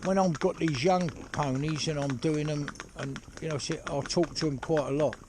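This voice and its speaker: A horse trainer talking casually outdoors while driving a pony cart, rambling and chatty with lots of "you know". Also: male voice, on the high side, fairly even intonation, moderate pace. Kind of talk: casual spoken instruction while driving ponies. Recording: loud hoof clatter and outdoor noise.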